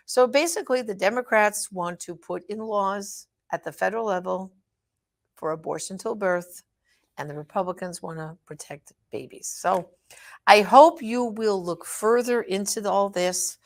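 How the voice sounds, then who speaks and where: A woman's voice: mid-range voice, normal speed. A woman hosting an advocacy show, speaking straight to her listeners in an emphatic, exhorting way with rhetorical questions. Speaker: host of a pro-life advocacy show. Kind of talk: direct address advocacy talk.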